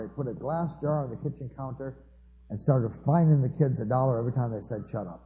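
A man's voice: medium pitch, a little fast, mellow, highs cut off. A man preaching a family sermon through anecdotes, acting out the people he quotes. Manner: storytelling, acts out quoted voices.

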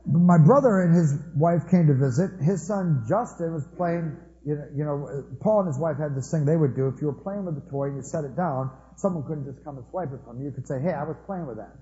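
A man delivers a sermon as a string of homely anecdotes, slipping into the voices of the people he quotes. His voice sits somewhat high yet sounds very dark and mellow. The recording is muffled and lo-fi. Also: brisk, few pauses. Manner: storytelling, acts out quoted voices. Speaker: preacher.

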